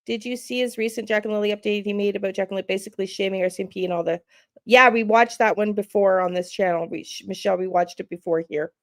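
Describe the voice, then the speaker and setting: A woman hosting a true crime channel, chatting casually and reacting out loud to a clip and to her viewers. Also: mid-range voice, fairly even intonation, quick pace, no echo, studio quality. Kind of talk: casual live-stream commentary.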